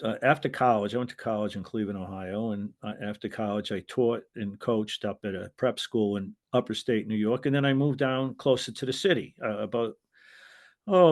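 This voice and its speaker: An older American man, a former wrestling referee, telling long stories in an interview, rambling with restarts and acting out quoted voices. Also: lowish voice. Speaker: guest, retired wrestling referee. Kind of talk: anecdotal interview storytelling.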